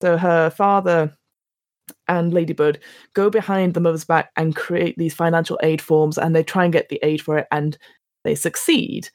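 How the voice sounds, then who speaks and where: Her voice is deep and her pace moderate as she co-hosts a relaxed podcast discussion of films. She retells scenes animatedly, acts out what characters say, and frequently starts over, recorded in studio quality without echo.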